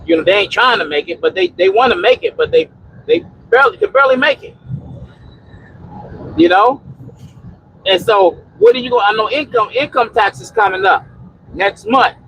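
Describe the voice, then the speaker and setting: A man's voice: high-pitched, normal speed, pauses often, a bit bright, slight background noise, low-quality recording. A man hosting a casual trucker livestream from a truck cab, preaching about preparing and answering chat in a rambling, repetitive way on a phone mic. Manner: rambling with many restarts and "you know". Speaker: trucker and homesteading livestream host.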